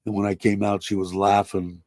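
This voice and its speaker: A man's voice: fairly low pitch, flat delivery, moderate pace, darkish tone, no room sound. An older retired man chatting casually on his livestream, rambling and blunt, swearing freely and laughing often. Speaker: livestream host. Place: home in Thailand.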